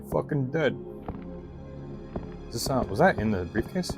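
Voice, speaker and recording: A man's voice: mid-range voice, expressive, a little slow, long pauses, over music, poor audio. A man giving casual, rambling gameplay commentary, swearing often and filling with "like". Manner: rambling, heavy swearing, lots of "like". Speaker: let's play streamer.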